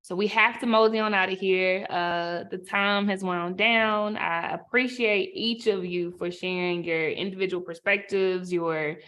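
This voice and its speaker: A woman wraps up a virtual panel on a video call. She speaks in a measured, affirming way, thanking the speakers. Her pace is unhurried and she often pauses with small fillers. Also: medium pitch, fairly even intonation, a bit bright. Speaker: panel moderator.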